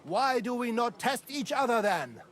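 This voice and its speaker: An actor playing a proud, hot-tempered German sword master in a video game, speaking English with a German accent and German words mixed in. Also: male voice, very high voice, big pitch swings, normal speed, a bit bright, full character voice. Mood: defiant.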